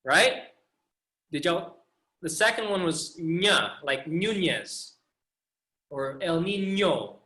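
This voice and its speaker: A man's voice: a little high, lively intonation, slow pace, long pauses, bright, forceful tone, echoey room. A man teaching pronunciation over a video call, patiently demonstrating sounds again and again. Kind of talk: online pronunciation class.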